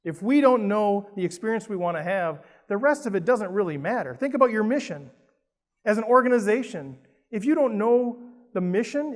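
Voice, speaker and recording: Upbeat Minnesotan man speaking in a hall. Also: high-pitched. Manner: lively and playful, asks the audience questions. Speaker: keynote speaker. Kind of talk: motivational stage talk. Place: large conference hall with an audience. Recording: roomy hall reverb.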